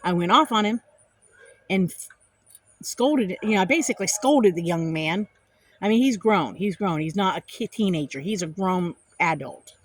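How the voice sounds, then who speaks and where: A woman's voice: lowish voice, moderate pace, no room sound. A middle-aged woman, telling an angry story to the camera in a casual vlog and repeating herself for emphasis. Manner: animated, indignant retelling with repeated phrases. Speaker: vlogger.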